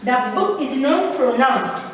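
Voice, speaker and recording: A woman teaching a phonics lesson, repeating each sound slowly for her pupils. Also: high voice, very animated, slight background noise. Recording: echoey room, mic far off.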